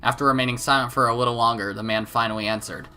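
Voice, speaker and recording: A man reading a visual novel aloud in an expressive, animated way. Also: mid-range voice, racing, smooth. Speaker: let's play narrator.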